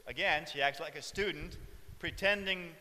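A male preacher giving a reflective sermon, with soft chuckles along the way. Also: fairly high pitch, moderate pace, big-room sound, a little hiss or hum.

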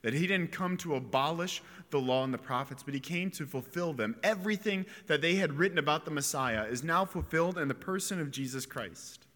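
A man's voice: on the high side, a bit bright. A man giving an earnest, reflective homily in a chapel. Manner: earnest, reflective preaching with pauses and restarts. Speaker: priest or preacher. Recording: long echo of a chapel.

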